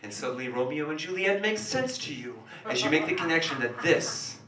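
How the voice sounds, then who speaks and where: A man's voice: fairly high pitch, brisk. Man doing stand-up in a roomy café. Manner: animated storytelling, switching between hushed asides and sudden loud outbursts. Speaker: comedian. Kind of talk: stand-up comedy monologue. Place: small café stage. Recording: roomy café sound from a distant camera.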